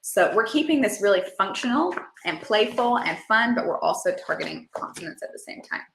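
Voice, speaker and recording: A woman speech and language therapist talks parents through a webinar at an ordinary pitch. She explains clearly and now and then jumps into playful sound effects. Her webcam mic picks up an echoey room. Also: a little fast. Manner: demonstrates playful sound effects in a high excited voice. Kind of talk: webinar presentation.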